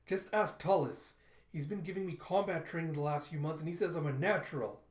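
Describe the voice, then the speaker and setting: A man's voice: on the high side, fairly quick, echoey room, lightly acted. A man voicing a defiant young woman who talks back sharply and sarcastically.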